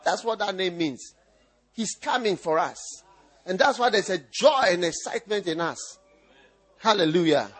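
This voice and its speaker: A male pastor preaches in a strikingly high, husky voice. He teases his listeners with repeated lines, swinging his pitch up and down in lively bursts and breaking into shouts and laughter. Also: unhurried. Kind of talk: preaching sermon.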